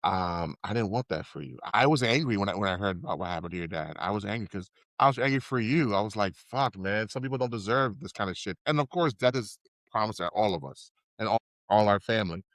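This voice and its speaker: A man's voice: on the low side, expressive, fast, no room sound. Heartfelt young man, casual swearing. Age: young adult. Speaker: podcast co-host. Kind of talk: casual chat.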